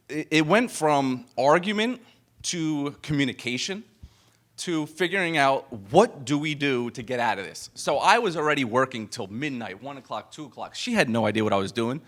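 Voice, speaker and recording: A man giving a live motivational talk to an event audience, telling a personal story in a conversational way, with restarts and acted-out quotes. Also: on the high side. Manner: animated and conversational, full of fillers and restarts, acts out quoted dialogue. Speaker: business coach speaking to an event audience.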